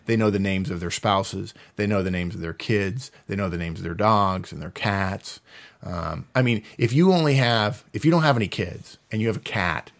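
A middle-aged man co-hosting a podcast in a fast, animated manner, often breaking into laughter. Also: fairly low pitch. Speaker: podcast co-host. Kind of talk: animated casual chat.

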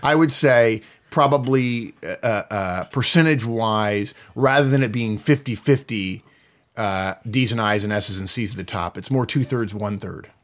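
Animated middle-aged man explaining at length. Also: lowish voice, normal speed. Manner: animated, acts out quotes in voices. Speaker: podcast host. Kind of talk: casual explanatory chat.

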